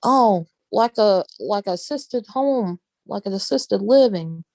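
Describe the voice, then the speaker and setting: Speaking slowly in a mid-range, slightly mellow voice, this Southern vlogger stays animated as she chats casually. She has a Southern accent, laughs often, and leans on folksy sayings, and there's no echo on the recording.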